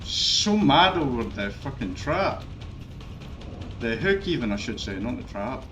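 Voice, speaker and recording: A man's voice: mid-range voice, very animated, measured pace, a bit bright, faint music behind. A man giving frustrated, ranting commentary over his own gameplay, swearing often. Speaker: gaming streamer.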